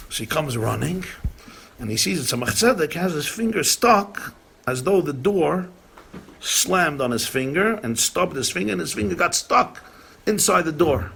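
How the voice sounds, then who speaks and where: The speaker is a rabbi with a slightly high, fry-tinged voice, recorded with a faint hiss or hum. He entertains a community gathering with animated stories, voicing the dialogue and dropping in Yiddish and Hebrew phrases.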